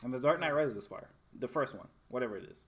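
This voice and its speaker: A man's voice: medium pitch, expressive, quick pace. Young man, casual chat, blunt, argumentative, profane.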